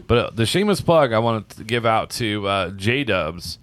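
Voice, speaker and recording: A man's voice: on the low side, big pitch swings, moderate pace, a bit bright, dry recording. A man co-hosting a podcast, chatting casually in a rambling way. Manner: rambling, with frequent fillers and restarts. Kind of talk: casual chat.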